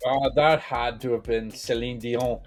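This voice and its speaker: A male co-host with a mid-pitched voice, chatting on a radio show in a playful, teasing way. Music is clearly heard behind his voice. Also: steady tone, measured pace. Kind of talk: casual radio chat.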